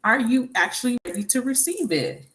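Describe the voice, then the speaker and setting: A woman's voice: fairly high pitch, very animated, normal speed, a bit bright. A woman tarot card reader talking in a casual, blunt and profane way, telling stories with laughs in between. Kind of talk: casual tarot reading monologue.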